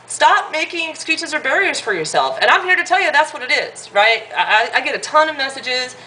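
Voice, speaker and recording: A woman in her thirties talks straight to the camera in a casual vlog, blunt and fired up, swearing freely. Her voice sits a little high and sounds bright and forceful. A faint hiss runs under the recording. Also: big pitch swings, normal speed, few pauses, poor audio. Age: 30s. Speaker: vlogger.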